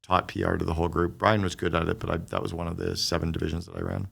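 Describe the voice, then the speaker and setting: A middle-aged man, a guest on a business podcast, telling stories in a quick, animated conversational way and acting out the dialogue he quotes. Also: deep voice, creaky, slightly rough. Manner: fast, animated storyteller who acts out quoted dialogue.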